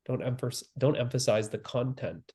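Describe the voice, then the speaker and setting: Calm slow-spoken male spiritual teacher. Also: medium pitch, husky. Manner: calm, slow and repetitive, with long pauses.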